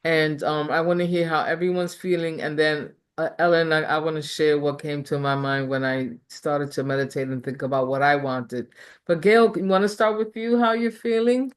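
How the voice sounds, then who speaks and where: A woman's voice: low voice, little pitch movement, moderate pace, clean tone. A woman on a video call leading a check-in and calling on each person by name. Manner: friendly, calls on people by name. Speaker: check-in moderator.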